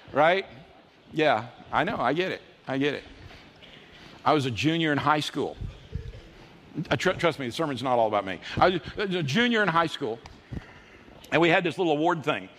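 A man in his fifties preaching a sermon, telling folksy personal stories and jumping into high voices when he quotes people. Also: lively intonation, moderate pace, a bit bright. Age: 50s. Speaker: pastor. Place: church auditorium. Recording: reverberant church hall with faint ambience.

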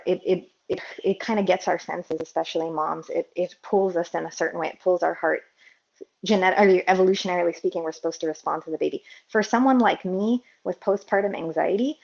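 A woman's voice: fairly low pitch, creaky. Earnest mother telling her story. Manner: earnest, tumbling, self-correcting speech. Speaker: guest, psychologist and mother. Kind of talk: candid personal storytelling. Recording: dull lo-fi audio.

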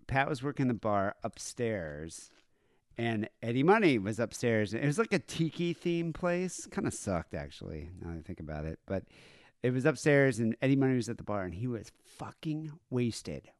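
A man's voice: medium pitch, dry recording, clean studio sound. A man calling in, telling a story in a loose, rambling, profane way. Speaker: caller. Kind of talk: casual storytelling.

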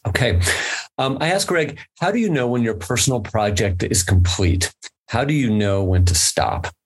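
A man's voice: fairly low pitch, expressive, moderate pace, husky. A man appearing as a guest on a podcast, talking earnestly, stammering into sentences and reading a long quote aloud. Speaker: podcast guest, photo editor. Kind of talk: casual conversation.

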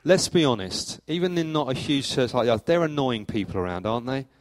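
A middle-aged man preaching a sermon as church leader, telling stories in a lively way with sudden rises in pitch and loudness. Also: a little fast, dry recording. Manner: animated storytelling, acts out anecdotes with jumps in pitch and volume. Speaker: pastor.

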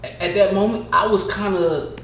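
A young man co-hosting a casual podcast, telling stories in an animated, profane way with loud bursts. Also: high-pitched, normal speed. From California. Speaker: podcast co-host. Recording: echoey room, faint background noise.

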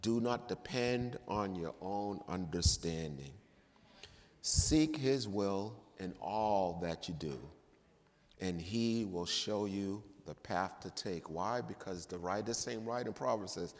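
A man preaching a sermon in a church, emphatic, swinging between loud and quiet delivery. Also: lowish voice, slow. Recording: long reverb of a church hall.

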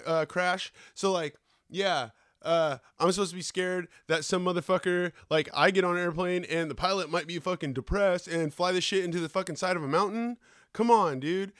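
A man with a fairly high voice hosts a podcast, ranting in a loose, profane and sarcastic way. His talk is full of slang. The recording is dry and close. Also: fairly bright tone, no echo. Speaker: podcast host. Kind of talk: profane rant.

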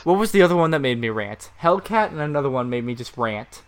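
A man co-hosting a casual chat, animated, jumping loud now and then with shouted sound effects. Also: mid-range voice, quick pace, clean tone. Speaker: co-host.

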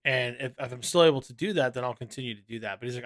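A man co-hosting a casual podcast, quickly retelling quotes with frequent restarts. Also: medium pitch, fairly bright tone, no echo. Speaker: podcast co-host. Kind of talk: casual chat.

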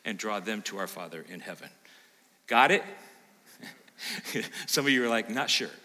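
A man's voice: on the low side, moderate pace. A man preaching a sermon as pastor, talking straight to the congregation, quizzing them and acting out what they might say. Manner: animated, plays out imagined listener lines, quizzes the congregation. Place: church sanctuary. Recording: long hall reverb.

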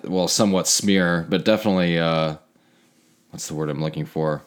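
A man's voice: low-pitched, fairly even intonation, moderate pace, smooth. A man co-hosting a podcast in casual chat, mostly reacting in brief interjections and sometimes searching for words. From United States. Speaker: podcast co-host.

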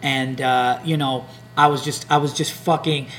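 A man's voice: mid-range voice, steady tone, normal speed, fairly bright tone, slight background noise. A man hosting a podcast, telling a long profane story in casual chat and acting out other people's lines. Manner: rambling, profane, acts out hecklers' lines. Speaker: comedian podcast host.

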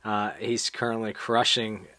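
Relaxed low-voiced male podcast host. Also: unhurried, no room sound. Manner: relaxed, laughs easily, uses fillers. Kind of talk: casual podcast chat. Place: small studio.

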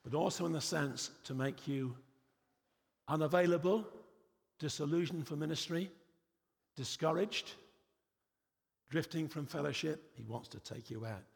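A man's voice: fairly high pitch, a little slow, gravelly, long pauses, big-room sound. A man preaching a sermon in a church, emphatic and repetitive, with frequent rhetorical questions.

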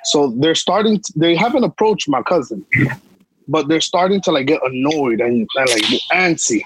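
A man's voice: fairly high pitch, expressive, moderate pace, a little hiss or hum, low-quality recording. A young man, telling a long personal story on a podcast in emphatic street slang. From New York. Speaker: podcast co-host. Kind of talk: casual storytelling chat.

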